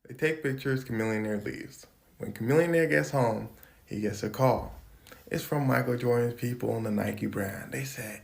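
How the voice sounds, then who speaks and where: A storyteller retelling a celebrity anecdote casually, swinging between hushed whispers and loud bursts. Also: medium pitch, fairly quick, vocal fry.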